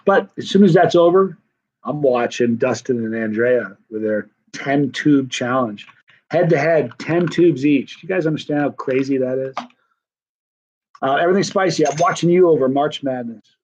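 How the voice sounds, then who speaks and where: A man's voice: medium pitch, moderate pace, darkish tone, highs cut off. A middle-aged man hosting a hot-pepper challenge live stream, chatting casually and rambling through comments with lots of restarts.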